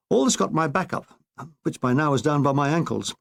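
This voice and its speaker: A man reading his own war memoir aloud, in a dry and wry storytelling manner. His voice sits fairly high for a man. He tells the grim parts and the comic parts in the same even, matter-of-fact way. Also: fairly quick, vocal fry. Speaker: author narrating his memoir. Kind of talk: audiobook narration.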